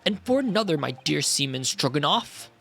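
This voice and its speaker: A streamer voicing a smug, posh gentleman detective in a grand, theatrical manner, reading game dialogue aloud. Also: mid-range voice, big pitch swings, normal speed, vocal fry, breathy edge, faint music behind, pitched below the performer's own voice, exaggerated voice.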